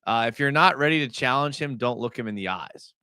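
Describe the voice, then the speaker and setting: Excitable man breaking down game film. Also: medium pitch, a little fast, clear, resonant tone, no room sound, clean studio sound. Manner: chatty, filler-heavy, excitable. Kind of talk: casual live-stream film breakdown.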